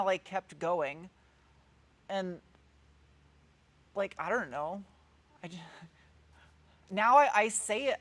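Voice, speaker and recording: A woman in her thirties with a New England accent, chatting casually and rambling as she answers viewers' comments during a live stream. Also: lowish voice. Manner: chatty, rambling, meandering with frequent restarts. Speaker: car channel host.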